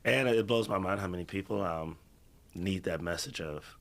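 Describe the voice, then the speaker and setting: A man from Cincinnati in a casual podcast conversation, agreeable and quick to laugh while telling stories. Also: sits low, gravelly, fairly bright tone. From Cincinnati, USA. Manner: agreeable, laughs often, storytelling.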